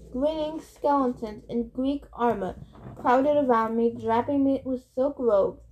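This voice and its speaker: A woman reading a novel aloud in steady first-person narration. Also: fairly high pitch, lo-fi sound. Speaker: audiobook reader.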